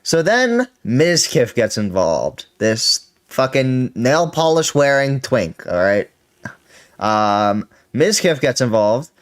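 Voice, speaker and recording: A male streamer talks over clips in a loose, swearing, rambling way, often stopping to correct himself. His pitch swings widely as he tells the story. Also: big pitch swings, takes it slowly. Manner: profane, rambling, self-correcting. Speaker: streamer hosting a reaction show. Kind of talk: casual commentary on clips.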